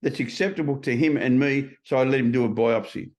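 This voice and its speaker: Aussie guy in his 60s, blunt storyteller, swears a bit, average pitch. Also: a little fast, darkish tone. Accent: Australian. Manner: blunt, vivid anecdotes with colourful slang. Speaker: guest. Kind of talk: conversational storytelling.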